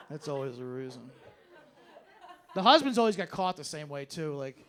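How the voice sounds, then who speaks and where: A man doing a stand-up comedy set on a club stage, telling stories in an animated way and breaking into shouted bits. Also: a little high, normal speed, a faint crowd. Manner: animated storytelling, bursts into shouted impressions.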